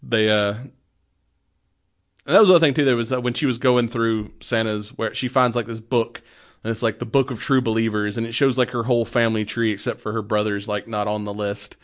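A man's voice: on the low side, fairly even intonation, brisk. Rambling, laughing man recapping a movie. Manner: rambling, laughs often, many fillers. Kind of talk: casual chat, retelling a movie.

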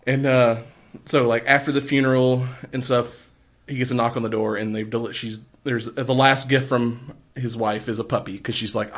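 A man in casual chat, rambling through a movie plot with many fillers and quick acted-out quotes. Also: medium pitch, fairly even intonation. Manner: rambling, retells scenes with quick put-on voices.

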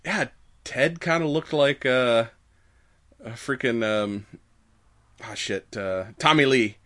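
This podcast co-host has a mid-range voice with a bright, forceful tone and a slow pace. He gives a rambling, laid-back recap of a movie, laughing frequently, swearing, and acting out what the characters say.

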